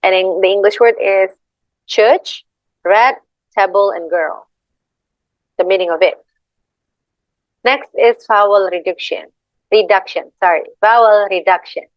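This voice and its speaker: This young adult student presenter, who has an Indonesian accent, speaks at a measured pace with long pauses and a medium-pitched voice. Hesitant and apologetic, she reads her slides and repeats example words. The lo-fi recording is dull and dry, with no room sound.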